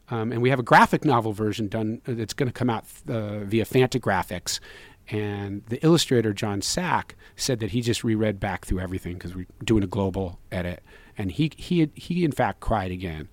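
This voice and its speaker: A man's voice: on the low side, expressive, brisk, no room sound. A man, a filmmaker guest, speaking earnestly, rambling through many restarts and fillers. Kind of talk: conversational interview answer.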